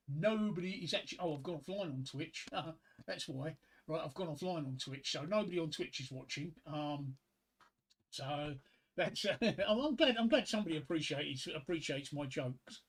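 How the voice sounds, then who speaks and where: A man telling jokes on a casual livestream, halting and repeating his words often. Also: on the high side, slightly rough.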